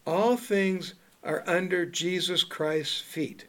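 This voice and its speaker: A man's voice: high-pitched, slow, a bit bright. A man teaching the Bible to a small group in an informal, conversational way, reading King James verses aloud and asking the listeners questions. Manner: conversational, asks the group questions and laughs often; reads scripture aloud in King James wording.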